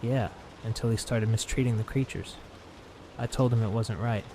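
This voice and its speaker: A man's voice: on the low side, fairly even intonation, moderate pace, noisy background, natural voice. A man voicing a tired, plain-spoken middle-aged male captive in a narrated horror story. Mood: weary. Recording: clear rain sounds behind voice.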